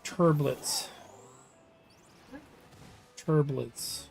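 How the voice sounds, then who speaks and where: A young man talks through a game on a live stream, playful and quick with a joke. His voice sits a little high for a man. Faint game music plays under him. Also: creaky, darkish tone. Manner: joking, playful, slips into silly bits. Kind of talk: casual live-stream chat.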